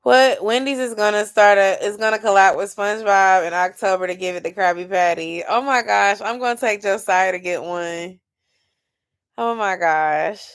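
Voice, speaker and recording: A woman's voice: mid-range voice, fairly even intonation, moderate pace, few pauses. Sleepy chatty woman in her thirties. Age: 30s. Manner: sleepy, chatty, yawning and laughing. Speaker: livestream host. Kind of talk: casual late-night live chat.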